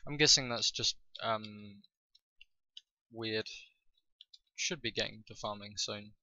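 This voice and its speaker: Man, gameplay commentary, slow unhurried delivery, bright edgy tone, lots of ums and uhs. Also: lowish voice, slight background noise, poor audio. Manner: slow, thinking aloud with many fillers. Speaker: gaming video host.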